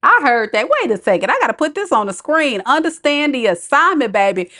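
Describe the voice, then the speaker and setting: A woman's voice: sits high, big pitch swings, fairly quick, pushed and bright. A woman tarot reader, chatting on a live stream, reading viewers' comments aloud and laughing often. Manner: chatty, reads chat aloud, frequent laughter.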